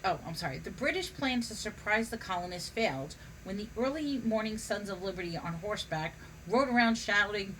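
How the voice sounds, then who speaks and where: Woman, reads a humorous history book aloud, mid-pitched voice, stumbles on words now and then, faint hiss behind. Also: lively intonation, moderate pace. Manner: stumbles and restarts on words while reading. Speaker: reader.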